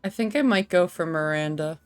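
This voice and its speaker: A woman's voice: deep voice, expressive, brisk, soft background music. A woman playing an online tabletop game, chatting casually with the group. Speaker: player.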